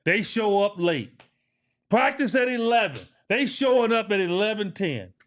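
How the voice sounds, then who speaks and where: A middle-aged former pro basketball player, now co-hosting a podcast, tells a story at normal speed in an animated, high-sitting voice. He's casual and emphatic, repeating phrases to drive points home and swearing along the way.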